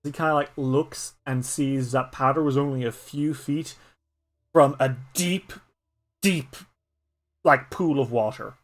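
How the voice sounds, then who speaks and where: Streamer, solo tabletop game narration, slow pace, halting fillers. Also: medium pitch. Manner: halting, many fillers like "kinda, like". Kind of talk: improvised story narration.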